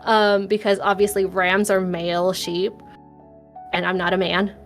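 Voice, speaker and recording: A woman's voice: mid-range voice, flat delivery, a little slow, faint music behind. A woman guest on a podcast, chatting casually and laughing often. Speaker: guest vtuber.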